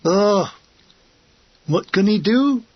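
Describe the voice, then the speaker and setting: A man voicing a grumbling army gunner in a storybook reading, loud and indignant. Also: sits high, expressive, extremely slow, dry recording, exaggerated voice. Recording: dull lo-fi dry recording.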